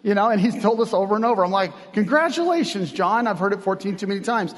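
A man preaching a sermon as pastor, talking conversationally and acting out quotes with animated shifts of voice. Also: sits high, racing, in a large hall. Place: church.

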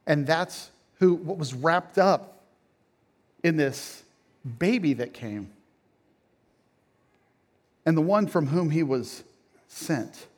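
A middle-aged man, a pastor, preaching a sermon that swings from quiet, low phrases to loud, emphatic peaks. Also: lively intonation, slow, pauses often.

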